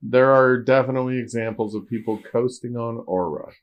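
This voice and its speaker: A man's voice: mid-range voice, fairly quick, lo-fi sound. A man co-hosting a film podcast, making dry, sarcastic remarks. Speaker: podcast co-host. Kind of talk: casual film discussion.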